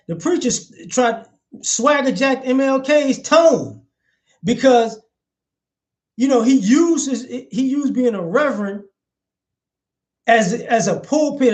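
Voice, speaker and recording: Male vlog commentator, high pitch, blunt and profane, repeats phrases to emphasize points. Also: lively intonation, measured pace.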